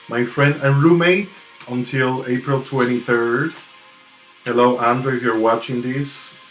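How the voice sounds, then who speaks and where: A man hosting a live tarot card reading, chatting casually and greeting his viewers one by one. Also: mid-range voice. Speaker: tarot reader hosting a livestream. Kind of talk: casual livestream chat. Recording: roomy sound with soft music behind. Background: soft relaxing music.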